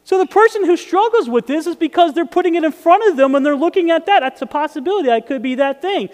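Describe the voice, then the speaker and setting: A man's voice: very high voice, expressive, fast, long reverb tail. A man preaching a sermon in a conversational way, often checking in with his listeners. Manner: conversational, asks the audience often. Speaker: pastor.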